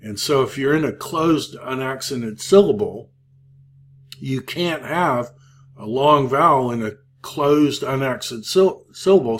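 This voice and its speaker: A man in the middle of a classroom lecture on Hebrew grammar, speaking slowly and haltingly, stopping often on fillers as he works through his slides. His pitch sits at an ordinary middle level for a man. A faint hum runs under the recording. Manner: slow, halting, many fillers. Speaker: Hebrew teacher.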